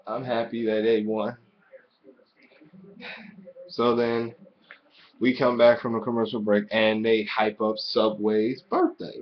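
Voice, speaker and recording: A man giving a casual, profanity-heavy wrestling show review, ranting excitably and swearing constantly. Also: fairly low pitch, dull audio.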